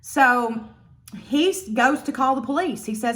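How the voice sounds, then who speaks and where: A woman telling a storytime vlog in a blunt, profane, animated way. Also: high voice, measured pace. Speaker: vlogger.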